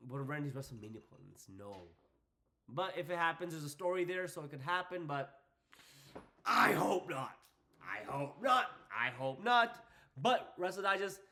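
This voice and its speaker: A young man hosting a casual wrestling predictions vlog, excitable and hyping things up with repeated phrases. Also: high voice. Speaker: wrestling channel host.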